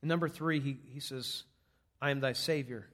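A man's voice: medium pitch, fairly even intonation, normal speed, fairly bright tone. A man preaching an earnest, conversational sermon, walking through numbered points on a scripture passage. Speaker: pastor.

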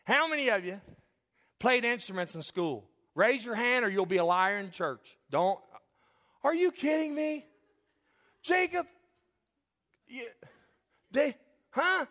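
A man preaching in a church, joking with the congregation, calling on people by name, then dropping into a soft, earnest tone. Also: high-pitched, lively intonation, a little slow. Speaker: pastor. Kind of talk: sermon. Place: church sanctuary.

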